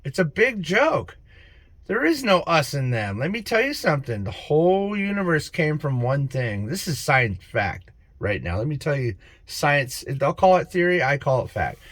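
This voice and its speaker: Man, spiritual vlogger, excitable and preachy, fairly high voice, lively swoops, dry close sound. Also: normal speed, no echo. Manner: excitable, preachy, laughs at his own stories. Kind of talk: casual spiritual monologue to camera.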